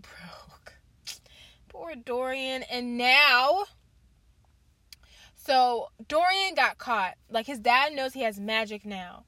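With a voice on the high side and a bit bright, a book reviewer chats casually to her vlog audience in a dry recording. She gushes, uses "like" a lot, and says "you guys" and "y'all."

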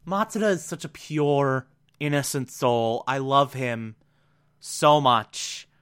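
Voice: medium pitch, sharp tone. A podcast host giving a chatty, laughing episode recap full of filler words.

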